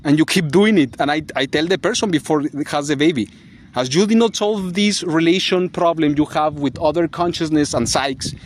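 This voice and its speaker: A man's voice: on the high side, normal speed, slight background noise. Agitated man ranting on a vlog. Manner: agitated, rambling, swears and laughs bitterly. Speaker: vlogger.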